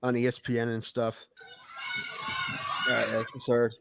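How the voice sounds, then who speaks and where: A man's voice: mid-range voice, monotone, normal speed, creaky, very noisy. A man co-hosting a podcast in casual chat, blunt and teasing. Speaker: podcast co-host.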